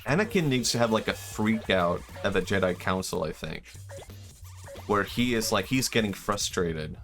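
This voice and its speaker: A young man streaming a game, musing in a loose, excitable way and swearing now and then. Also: fairly low pitch, measured pace, faint music behind. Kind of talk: casual gaming stream commentary.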